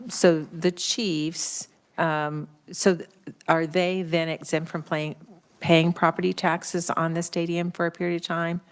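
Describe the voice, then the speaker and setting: Low-voiced senator questioning a witness. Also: female voice. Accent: American Midwest. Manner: halting, hesitant questioning with restarts. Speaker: state senator. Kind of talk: committee questioning. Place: legislative hearing room.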